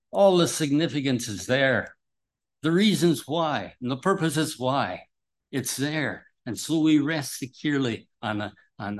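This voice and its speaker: A man preaching a sermon, rambling with asides and restarts, who rises sharply when quoting scripture and drops low and soft between quotes.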